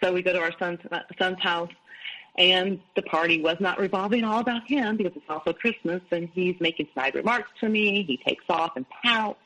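A middle-aged woman appears as an interview guest, candidly telling personal stories and quoting what other people said. Her voice is on the low side, bright and forceful, delivered at a normal speed. The recording is low quality.

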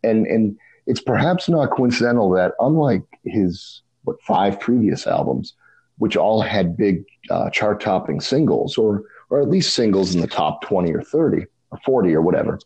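This podcast co-host on a casual music show has a low, husky, darkish voice and an animated delivery. He talks thoughtfully but haltingly, restarting often, and the audio quality is poor.

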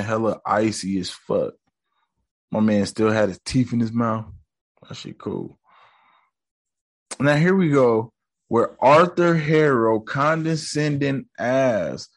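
A man's voice: fairly low pitch, slow, long pauses, no room sound. A young man giving a casual, joking recap of a show episode, full of slang and profanity.

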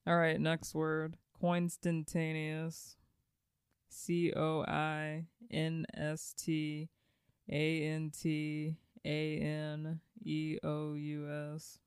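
A woman's voice: low-pitched, monotone, extremely slow, smooth, no room sound, clean studio sound. A woman co-hosting a podcast, reading out words and giving their meanings in a matter-of-fact way during a casual chat with her sisters.

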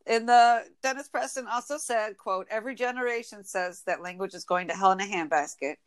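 A woman in her twenties from Michigan with an Inland North accent, chatting casually as a podcast host, a bit nasal and quick to laugh. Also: mid-range voice. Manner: chatty, laughs often, quick when excited. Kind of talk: casual chat.

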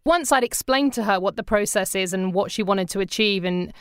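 Animated British woman in a dry room. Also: mid-range voice, brisk, smooth, no room sound. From Britain. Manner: animated storyteller, acts out quoted people. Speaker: podcast producer, guest. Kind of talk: casual interview chat.

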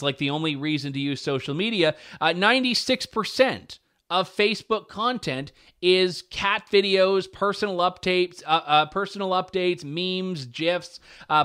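A man's voice: sits high, fairly bright tone, clear, resonant tone. A young man hosting a talk radio show, delivering opinion commentary with wry, sarcastic asides and chuckles.

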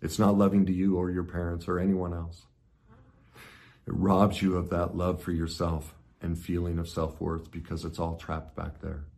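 Middle-aged male speaker, very low voice, earnest motivational talk that surges loud then drops to a hush. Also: completely flat delivery, normal speed, vocal fry. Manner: swings from loud intensity to hushed reflection. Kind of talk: personal story talk.

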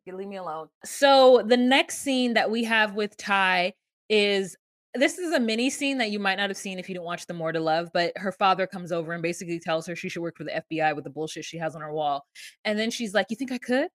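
A woman's voice: medium pitch, brisk, dry recording, clean studio sound. A woman co-hosting a podcast, casually recapping a reality show with sarcastic, profane commentary and acted-out quotes. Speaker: podcast co-host.

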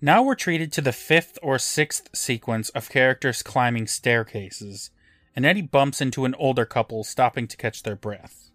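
A man's voice: medium pitch, moderate pace, a bit bright, no room sound, soft background music. A man co-hosting a podcast, recapping an episode in a dry, matter-of-fact storytelling manner. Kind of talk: casual recap narration.

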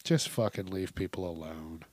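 A man's voice: deep voice, moderate pace. A man hosting a podcast, riffing in a casual comedic monologue, swearing freely and laughing often. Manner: profane, laughs often, rambling storyteller. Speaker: podcast host.

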